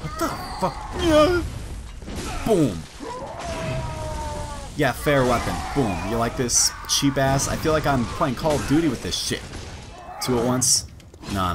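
A young man giving casual, excitable commentary while playing a game, swearing and yelping during fights. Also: medium pitch. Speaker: gaming let's-play host.

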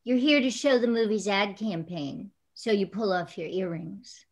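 A woman reading her own poem aloud in a measured, deliberate way. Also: medium pitch. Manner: slow, measured, deliberate delivery. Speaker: poet. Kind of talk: poetry reading.

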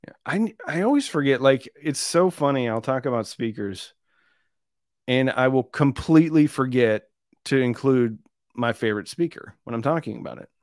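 A man's voice: mid-range voice, no echo, studio quality. A man hosting an audio gear live stream, chatting casually in a rambling, easygoing, self-deprecating way. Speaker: audio channel host.

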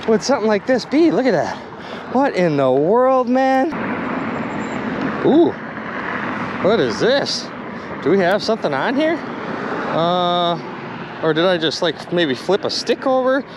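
Excitable young man, lively high voice. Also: unhurried, pauses often. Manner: excitable, exclaiming, addresses viewers as you guys. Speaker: magnet fishing vlogger. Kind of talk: excited outdoor commentary. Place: outdoors by the water. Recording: noisy outdoor recording.

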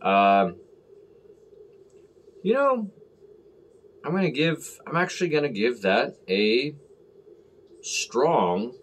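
A man's voice: mid-range voice, sing-song, slow pace, pauses often, slight background noise. A man talking casually and rambling as he reviews a beer on camera, full of fillers and self-deprecating asides.

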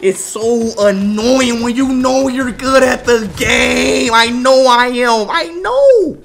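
A young man live-streaming a video game, ranting loudly about his own play, swearing and swinging from low mutters to shouts. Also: steady tone, takes it slowly, vocal fry, slight background noise.

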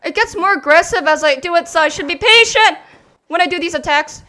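A woman giving casual gameplay commentary, excitable and exclaiming during fights. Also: very high-pitched, fairly quick. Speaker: gaming streamer.

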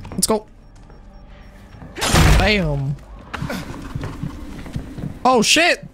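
A man playing a horror game with a friend, loud and excitable, swearing and often shouting. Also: sits high, measured pace, long pauses. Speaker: gaming streamer. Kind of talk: casual co-op gaming commentary. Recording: noisy gameplay audio behind.

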